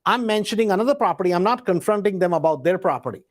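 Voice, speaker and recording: A man's voice: high-pitched, expressive, quick pace. Conversational man teaching, constant "right?". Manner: conversational, peppers points with a tag question "right?"; acts out door-knocking scripts in a hesitant, searching tone. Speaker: real estate investor teaching. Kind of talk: live instructional talk.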